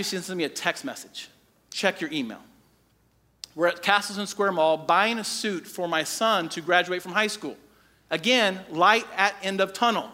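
A man in his forties preaching with a high, bright voice. He tells stories in an animated way and acts out quotes from the people in them, then slows into earnest points for the congregation. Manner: animated storytelling, quoting people in his own voice. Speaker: pastor. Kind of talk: sermon.

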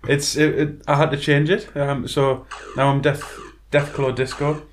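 A man's voice: a little high, normal speed, slight background noise. A man, co-hosting a casual podcast chat and telling stories with frequent laughter. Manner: laughing storyteller, chatty and animated. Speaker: podcast co-host.

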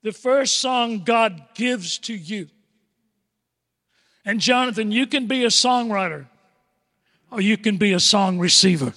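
Older high-voiced preacher in a reverberant hall. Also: male voice, lively intonation. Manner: dramatic preaching, drawn-out words, swings from loud to hushed. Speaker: pastor. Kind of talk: sermon. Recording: long echoing hall reverb.

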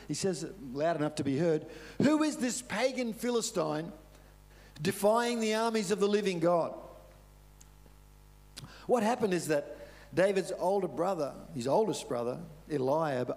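A man's voice: on the high side, a little mellow. A middle-aged Australian man preaching a sermon, telling a story earnestly and pressing points home by repetition. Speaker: pastor.

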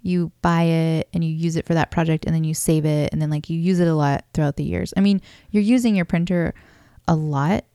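A woman's voice: deep voice, steady tone, fairly quick, few pauses, warm tone, no room sound, clean studio sound. A woman in her thirties co-hosting a casual couple's podcast, rambling with lots of fillers and giggles. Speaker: podcast co-host. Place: darkened room at home. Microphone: studio microphone.

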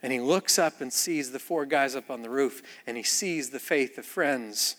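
A man preaching a sermon in a church, telling the story with animated acted-out voices. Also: medium pitch, normal speed, big-room sound. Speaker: pastor.

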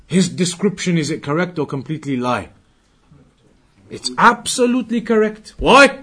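A man teaching a religious class, questioning his listeners and slowly repeating key words for emphasis. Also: fairly high pitch, sing-song, bright, forceful tone, breathy edge. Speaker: Islamic teacher.

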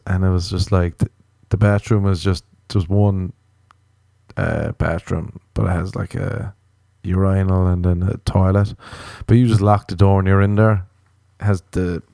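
Hoarse-sounding Irish man telling comic stories. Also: lowish voice, warm tone, dry recording, clean studio sound. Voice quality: sounds sick, slightly hoarse. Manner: rambling, swearing, acts out dialogue. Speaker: comedian. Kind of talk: comic storytelling.

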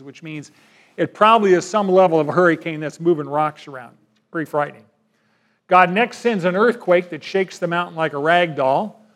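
A man delivers a sermon in a voice that sits noticeably high for a man. He reads scripture and questions his listeners, pressing on some lines and dropping almost to a hush on others. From United States. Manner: emphatic, swings from loud to hushed, asks the congregation questions. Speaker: pastor.

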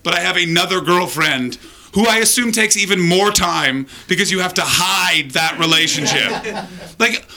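A man's voice: sits high, bright, forceful tone. A man hosting a live comedy podcast, joking crudely and teasing the audience. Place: live show venue with an audience.

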